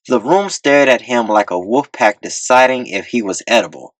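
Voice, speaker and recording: A man narrating a comedy audiobook with deadpan comic timing on a close mic. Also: mid-range voice, moderate pace, hardly any pauses, no echo.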